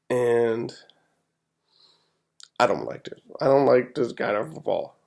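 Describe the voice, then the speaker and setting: A man hosting a casual sports-picks show, his voice gravelly and mellow in tone. He talks in a lively, swinging way and runs through his picks like an exasperated fan, restarting his sentences as he goes. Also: mid-range voice, slow pace, pauses often. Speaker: podcast host.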